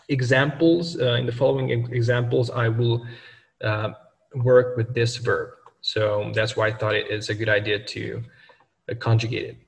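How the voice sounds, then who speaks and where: Man teaching from a distance in an echoey room. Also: medium pitch. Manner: methodical, explains with worked examples. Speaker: language teacher. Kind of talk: video language lesson. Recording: distant mic in a reverberant room.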